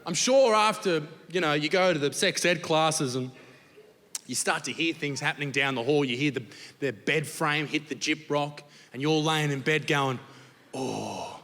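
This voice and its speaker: A young Australian man performing crude, profane stand-up comedy, telling stories and shouting the punchlines. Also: fairly high pitch, moderate pace. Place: large theatre stage with audience laughter. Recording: live show with long hall reverb and background noise.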